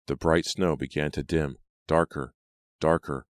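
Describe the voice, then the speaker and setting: A man reads horror narration in a steady, dramatic way. His voice sits extremely low. The recording is dry and close, with no room sound. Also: a little slow, dry recording. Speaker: audiobook narrator.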